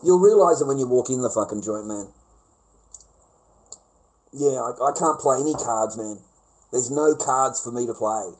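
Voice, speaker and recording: A man's voice: medium pitch, normal speed, pauses often, a little mellow, low-quality recording. Sneering, foul-mouthed Australian man ranting. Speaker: vlogger. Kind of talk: profane ranting monologue.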